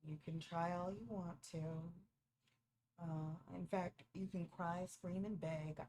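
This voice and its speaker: A woman's voice: lowish voice, steady tone, takes it slowly, a little mellow, slight background noise. A woman streamer giving casual reaction commentary while watching a movie, playful and teasing and picking at small details.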